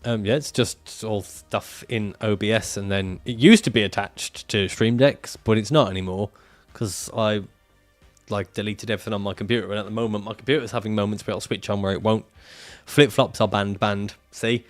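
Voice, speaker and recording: A man's voice: lowish voice, fairly even intonation, normal speed, soft background music. Jokey, swearing male livestreamer. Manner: jokey and profane, laughs often. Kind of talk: casual livestream chat reading viewer comments.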